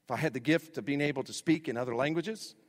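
A man's voice: fairly high pitch, fast. A male pastor delivering a sermon, building emphasis through repeated phrases. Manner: preaching with rising emphasis and repetition. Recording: long hall reverb.

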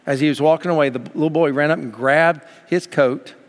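A man's voice: on the high side, fairly even intonation, a little fast. A man preaching a sermon as pastor, from the United States, building to fervent emphasis. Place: church sanctuary. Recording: long hall reverb.

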